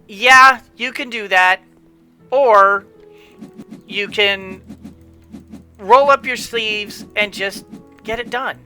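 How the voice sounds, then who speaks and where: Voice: mid-range voice, extremely slow, pauses often, bright, forceful tone, soft background music, rough recording. A gameplay commentator giving a rambling motivational pep talk in casual let's-play style, with frequent restarts and repeated words.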